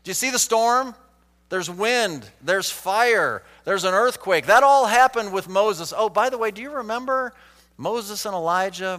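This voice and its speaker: A man preaching an expository Bible sermon, acting out quoted lines with sweeping changes in pitch and loudness. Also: big-room sound. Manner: dramatic, acts out quoted lines with big swings in pitch and volume.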